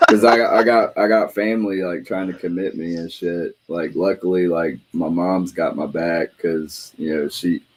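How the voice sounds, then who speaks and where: A man with a very deep voice talks in a relaxed, rambling way, with a lot of swearing in his stories. He speaks in plain casual conversation. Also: unhurried, slight background noise. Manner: rambling, profane, laid-back storytelling. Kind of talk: casual chat.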